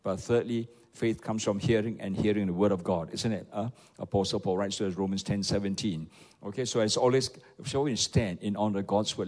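A man preaching a sermon, animated and peppered with "okay" and "isn't it". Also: lowish voice, brisk. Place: church hall. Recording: echoey church hall.

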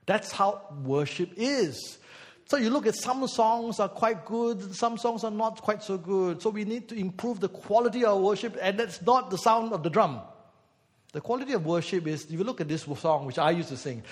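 A man's voice: sits high, animated, moderate pace, in a large hall. A male pastor giving a conversational sermon, teasing the congregation and breaking into bits of song. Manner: conversational, teasing the congregation, sings snatches of songs.

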